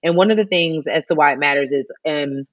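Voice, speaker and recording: Her voice is low-pitched and fairly bright, and she talks a little quickly as a co-host on a casual podcast about the news. Expect plenty of "like," fillers and false starts over a dull, lo-fi recording.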